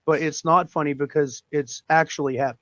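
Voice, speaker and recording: Man guest, slightly high pitch, dry close sound, halting delivery, dark humor. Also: steady tone, no echo, muffled recording. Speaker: police accountability guest. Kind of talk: casual video call chat.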